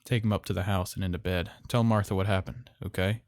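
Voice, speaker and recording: A man voicing a violent rural father with a Southern accent, speaking in a slow, threatening drawl. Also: deep voice, no echo. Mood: falsely caring. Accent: American Southern. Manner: slow, calm, threatening drawl that breaks into shouting. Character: menacing, violent rural father, quietly furious.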